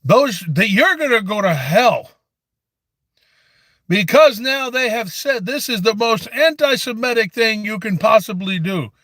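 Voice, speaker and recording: Guy putting on a rambling old grandpa voice, pretty high pitched, preachy and forgetful, dead dry sound. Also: lively intonation, a little slow, fairly bright tone, no echo, heavily acted. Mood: ranting. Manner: preachy ranting with stammers and rambling asides. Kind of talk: satirical comedy monologue.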